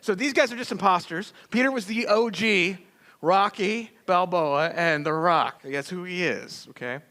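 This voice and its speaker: A man preaching a sermon as pastor, telling stories in a folksy, animated way with acted-out quotes. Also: high-pitched, measured pace. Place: church sanctuary.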